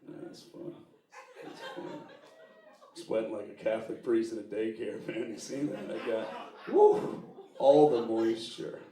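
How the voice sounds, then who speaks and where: A man from the United States doing a live stand-up comedy set, talking loosely and profanely with quick asides to the audience. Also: on the low side, steady tone, warm tone. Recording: roomy stage sound, distant mic, audience laughing.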